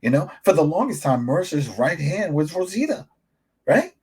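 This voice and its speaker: A man co-hosting a podcast, chatting casually about a TV episode and jumping into high voices to act out characters. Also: moderate pace, slightly rough. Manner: animated, acts out characters in sudden high-pitched voices. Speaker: podcast co-host, editor. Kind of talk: casual review chat.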